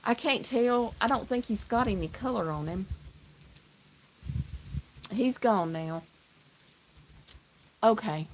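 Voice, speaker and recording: Chatty excitable middle-aged woman. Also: mid-range voice, slow pace, pauses often, a little hiss or hum. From North Carolina. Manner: chatty, excitable, greets viewers by name. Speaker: livestream host. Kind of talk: casual live chat while knitting. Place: outdoor deck at home.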